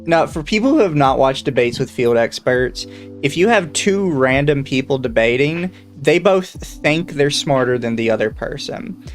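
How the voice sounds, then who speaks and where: A man's voice: medium pitch, expressive, normal speed, faint music behind. Wry man with a Southern accent. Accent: American Southern. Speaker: podcast host. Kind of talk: casual podcast chat.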